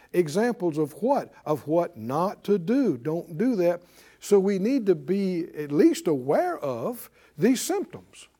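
A man's voice: high-pitched, darkish tone. A man preaching a sermon, leading call-and-response and firing off emphatic rhetorical questions. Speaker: pastor.

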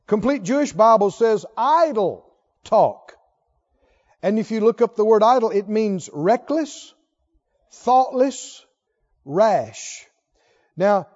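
Male pastor, high voice, animated sermon delivery with call-and-response, lo-fi church recording. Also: unhurried.

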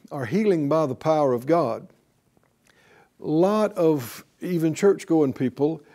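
A middle-aged man teaching the Bible in an emphatic way, slowing down to stress key words. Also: fairly high pitch, warm tone. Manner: emphatic, with deliberate slow stresses.

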